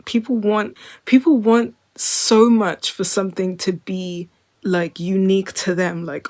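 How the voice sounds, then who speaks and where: A woman's voice: medium pitch, fairly even intonation, measured pace, darkish tone. A woman in her twenties talking casually to camera in a rambling monologue, full of filler "like", drifting between wry and earnest. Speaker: vlogger.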